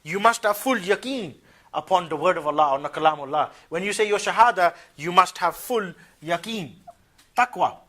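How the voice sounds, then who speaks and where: A man with a fairly high voice delivers a religious lecture to a class. He speaks in loose, everyday slang, keeps tossing in "yeah?", and breaks into mocking asides with quick laughs. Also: fairly bright tone. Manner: conversational, colloquial, keeps asking "yeah?".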